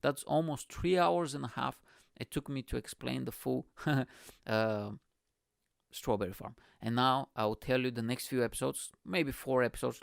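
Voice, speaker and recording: A man's voice: mid-range voice, gravelly, dry recording, clean studio sound. A man from Bulgaria hosting his own show, telling a story in a casual monologue, swearing a lot and acting out the other people's lines. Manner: animated, swears a lot, acts out quoted voices. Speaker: podcast host.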